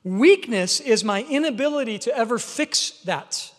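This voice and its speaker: High-voiced male pastor preaching. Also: expressive, a little slow. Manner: emphatic, conversational preaching. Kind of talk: sermon. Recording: long hall reverb.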